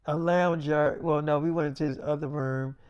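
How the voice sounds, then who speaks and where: A man's voice: a little high, fairly even intonation, normal speed, a little mellow, smooth, no echo, studio quality. A man telling a casual, rambling story in his own voice, with fillers and swearing.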